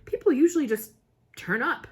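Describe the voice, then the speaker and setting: A woman reading the part of a suspicious middle-aged male campsite keeper in a blunt, gruff way. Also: high-pitched, sing-song, moderate pace, voice pushed up.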